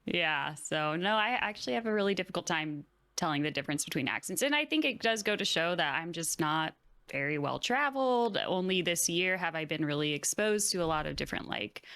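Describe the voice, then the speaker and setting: Bright-voiced woman chatting, self-deprecating. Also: lowish voice, expressive, brisk, dry recording. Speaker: panelist. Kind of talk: casual online panel chat.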